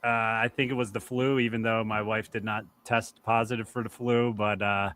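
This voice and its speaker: A man's voice: lowish voice, level tone, moderate pace, a bit bright, clear, resonant tone, no echo. A man from Philadelphia, co-host on a podcast, chatting candidly and rambling a bit. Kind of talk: casual chat.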